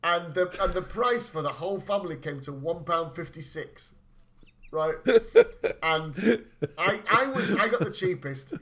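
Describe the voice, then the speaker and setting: A man tells funny family stories in casual conversation, an animated storyteller who swears freely and laughs as he speaks. His pitch is fairly high and his pace measured.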